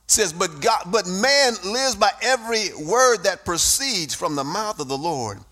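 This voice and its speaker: A man preaching a sermon, moving from reading scripture into shouted, sing-song testimony. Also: high-pitched, lively intonation, unhurried. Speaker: pastor.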